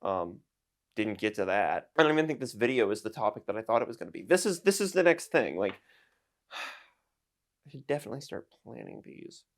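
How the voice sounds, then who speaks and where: A man's voice: on the low side, sing-song, fast. Young man, twenties, casual vlog rant, rambling, self-deprecating jokes. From United States. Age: 20s. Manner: rambling, self-mocking, jokey. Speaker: YouTuber and streamer.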